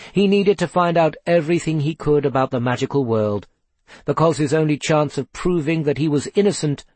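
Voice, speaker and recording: A man reading a story aloud in a measured, expressive way. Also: medium pitch, no room sound. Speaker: narrator. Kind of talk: storybook narration.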